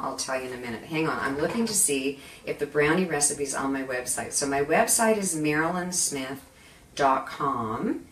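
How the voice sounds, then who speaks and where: A chatty, animated woman hosts a live cooking demo from her home kitchen, with a bright, forceful voice pitched a little low. She is recorded from some distance, so the room's echo rings around her words, and faint clicks sit underneath. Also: slight background noise. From Canada. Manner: chatty, animated and self-deprecating, with frequent asides. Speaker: cooking show host. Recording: echoey kitchen, mic at a distance.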